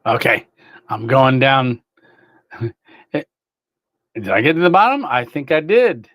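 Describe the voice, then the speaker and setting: A man's voice: medium pitch, very animated, a bit bright, no room sound. Casual guy chatting with his stream, laughs a lot, dry close sound. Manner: slow, chatty, laughs often, greets viewers by name. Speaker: livestream host reading chat. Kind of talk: casual live chat.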